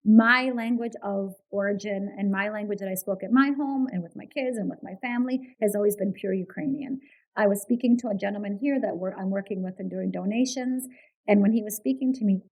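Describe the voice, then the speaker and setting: A woman guest, a behaviour analyst, speaking in an earnest, casual interview style. Her voice sits at a middle pitch for a woman, and she often repeats words and checks in with "right?" as she explains. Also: brisk, poor audio.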